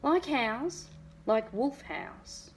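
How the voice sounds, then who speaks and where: A woman teacher reading a novel aloud to her class in an expressive storytelling voice. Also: a little high, extremely slow, a little hiss or hum.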